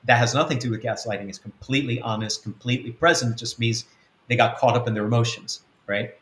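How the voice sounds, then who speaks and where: A man's voice: medium pitch, steady tone, a little fast, a bit bright. A man, a spiritual coach and mentor, teaching conversationally in a rambling way with many ums, acting out bits of quoted dialogue. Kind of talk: conversational teaching on a web-church show. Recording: roomy echo.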